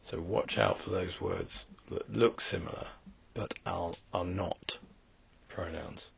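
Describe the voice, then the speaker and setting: A man's voice: low-pitched, big pitch swings, takes it slowly, vocal fry, slightly rough, highs cut off. A man teaching a language lesson, going through word forms step by step in a methodical way. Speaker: Greek teacher. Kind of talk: recorded lesson walkthrough.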